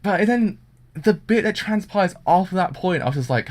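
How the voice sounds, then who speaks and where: A man's voice: high voice, expressive, moderate pace, background noise. A man giving a casual, rambling anime review with constant fillers, acting out the characters' lines as he retells them. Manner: rambling, full of fillers, acts out quotes.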